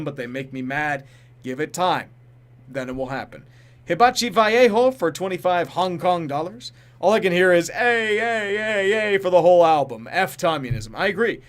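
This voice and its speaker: Man reading donations on a live stream. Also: fairly high pitch. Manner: reads donor names and messages aloud, then reacts with blunt comments; laughs often and stumbles over names. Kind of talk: casual live-stream chat.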